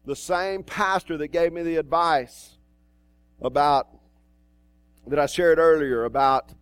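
A man with a fairly high voice preaches a sermon in a church, talking to the congregation like a conversation. He drifts into side remarks and restarts his sentences. The sound is close and dry, with little room echo. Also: steady tone, slow pace, smooth. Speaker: pastor.

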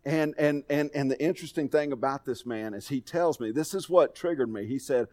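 A man's voice: mid-range voice, fairly quick, mellow. A middle-aged man preaching a sermon, telling folksy personal stories in a conversational way. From Texas. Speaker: pastor.

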